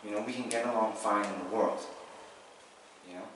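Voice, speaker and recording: A male Buddhist teacher gives an informal, conversational Dharma talk to students in a meditation hall, frequently checking in with "right?" and correcting himself. His voice is lowish, steady and a bit bright, moving a little fast. The recording is echoey and distant-miked, with audible noise.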